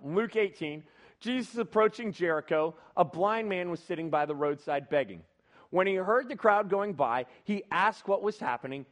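A male preacher giving a casual sermon, retelling scripture in everyday slang. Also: fairly high pitch.

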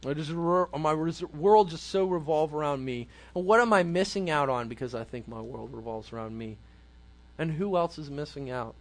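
A man's voice: on the high side, moderate pace. A man speaking to a youth group in a casual sermon style, conversational and full of rhetorical questions.

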